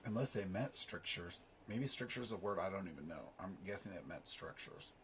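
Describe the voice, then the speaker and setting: Hoarse raspy man rambling through news. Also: low-pitched, animated, fairly quick, fairly bright tone, a little hiss or hum. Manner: rambling, self-deprecating asides. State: hoarse, sore throat. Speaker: finance YouTuber. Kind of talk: casual commentary reading news articles.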